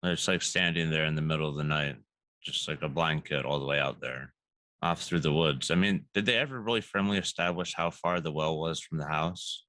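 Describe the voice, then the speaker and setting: Deep-voiced man asking questions, dry sound. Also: brisk, pushed and bright, no room sound. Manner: curious, asks follow-up questions. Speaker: podcast co-host. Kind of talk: casual chat.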